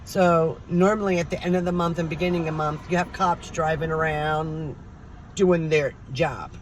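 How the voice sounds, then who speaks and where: With a low pitch, steady tone and normal speed, this middle-aged woman vlogs over slight background noise. She tells stories casually to her viewers, putting on the voices of those involved.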